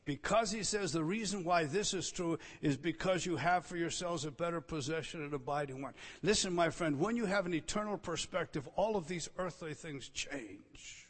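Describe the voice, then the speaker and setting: Emphatic male preacher delivering a sermon, slightly high voice, recorded with long reverb in a big hall. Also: normal speed, hardly any pauses. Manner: emphatic, swings between loud declarations and quiet asides. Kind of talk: expository sermon.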